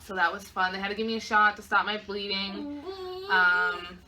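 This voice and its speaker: A woman's voice: medium pitch, steady tone, moderate pace, crowd noise. A young woman vlogger casually recounting a personal story, chatty and full of fillers.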